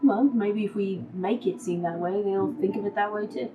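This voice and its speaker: A woman's voice: mid-range voice, moderate pace, far from the mic, phone-quality sound, a little hiss or hum. Casual woman player, off-mic. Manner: casual, tired-sounding, relaxed. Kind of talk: casual in-character tabletop play.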